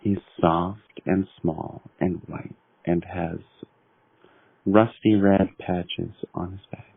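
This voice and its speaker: Very deep-voiced man on a tinny phone line. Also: fairly even intonation, vocal fry, husky, no echo. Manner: slow, mystical, then angry swearing. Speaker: prank caller. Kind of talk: deadpan prank phone call.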